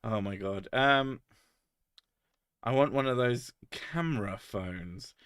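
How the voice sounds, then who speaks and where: A man chats with his stream and swears freely, laughing at his own crude jokes. His voice sits at a middle pitch. It comes through a close mic in a dry room. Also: slow, fairly bright tone, clear, resonant tone, dry recording. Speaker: streamer reading chat. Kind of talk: casual live-stream chat.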